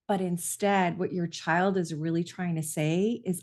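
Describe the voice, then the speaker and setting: A woman's voice: lowish voice, normal speed, few pauses, a little mellow. A middle-aged woman, a parenting coach, giving earnest, reassuring advice in a conversational way straight to camera.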